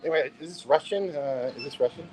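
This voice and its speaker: Quick and on the high side with a darkish tone, an American man vlogs about his travels while out walking, outdoors and in a mini market near a beach. It's rambling, casual vlog chat, with "bro" closing nearly every line, in a rough recording.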